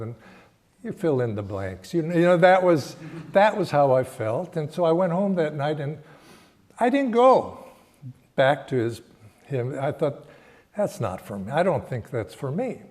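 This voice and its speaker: An older man giving a Sunday sermon and telling a personal story in a reflective, halting way, often restarting his phrases. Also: medium pitch. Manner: slow, reflective, halting phrasing with frequent restarts and soft laughs. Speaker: spiritual teacher giving a Sunday talk.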